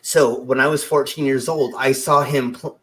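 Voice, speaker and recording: A man's voice: medium pitch, steady tone, moderate pace, fairly bright tone. Rambling young man hosting a chat show. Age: 20s. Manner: rambling, lots of fillers and restarts. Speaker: show host. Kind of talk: casual storytelling chat.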